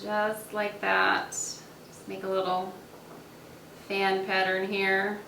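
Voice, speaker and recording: A woman's voice: mid-range voice, completely flat delivery, slow pace, vocal fry, pushed and bright, a little hiss or hum. A woman hosting a casual cooking demonstration in a kitchen, upbeat, giggly and chatty. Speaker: cooking show host. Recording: echoey room, mic at a distance.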